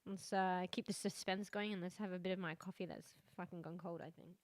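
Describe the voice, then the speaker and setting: A woman streams a horror game, chatting casually, swearing a lot and laughing as she goes. Her lowish voice holds a steady tone and runs a little fast, with no room sound in this live-stream commentary.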